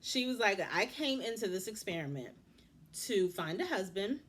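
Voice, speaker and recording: A woman in her thirties giving a casual TV recap, animated and indignant, talking straight to the people on the show. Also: medium pitch, normal speed, husky. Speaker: TV recap vlogger.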